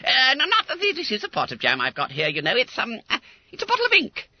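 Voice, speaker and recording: A man voicing a greedy, fibbing fat schoolboy in an audiobook, squeaky and stammering, on a dull lo-fi recording. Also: wildly swooping pitch, fast talker, a little hiss or hum, exaggerated voice. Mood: flustered. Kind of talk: audiobook character voice.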